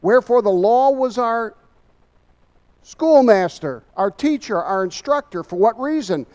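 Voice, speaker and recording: A man's voice: very high-pitched, expressive, measured pace, a little mellow. A man giving a Bible study sermon, emphatic and a little out of breath, often asking his listeners rhetorical questions.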